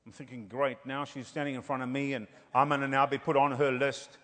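A man preaching a sermon, telling healing stories and building to loud, fervent exclamations. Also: medium pitch, little pitch movement, brisk, big-room sound. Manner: storytelling, rising to loud exclamations.

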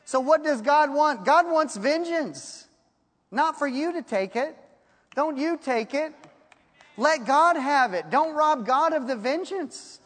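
Preacher, male, high voice, folksy storyteller, slow on scripture; hall reverb. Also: lively intonation, fairly bright tone. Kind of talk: sermon.

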